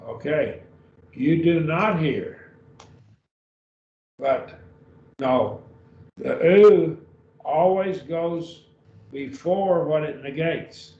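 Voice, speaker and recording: In a church classroom, a man teaching beginning Greek speaks very slowly and pauses often, his slightly high voice carrying a darkish tone. He is patient, regularly making sure students follow. The sound is dull and roomy, picked up from far off.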